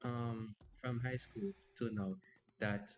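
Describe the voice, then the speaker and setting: A man's voice: little pitch movement, takes it slowly. A man streaming a game, telling a long personal story in a rambling way, repeating and restarting phrases, and swearing casually. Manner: bursts out louder and higher at the game. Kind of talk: casual storytelling while gaming. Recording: roomy echo with loud music.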